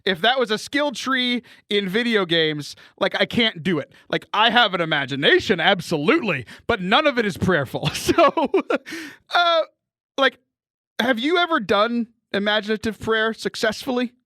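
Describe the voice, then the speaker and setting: A man co-hosting a chatty podcast, joking at his own expense with quick laughs and talking through bronchitis. His voice sits high and swings widely, bright and tense in tone. The sound is dry and close. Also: expressive, no echo. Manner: jokey, self-deprecating, quick laughs. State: has bronchitis. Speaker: podcast host. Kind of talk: casual chat.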